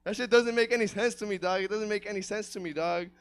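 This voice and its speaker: High-voiced man doing crude stand-up. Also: quick pace, clear, resonant tone. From Kansas, United States. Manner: crude, profane, deadpan delivery. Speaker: stand-up comedian. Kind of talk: stand-up set.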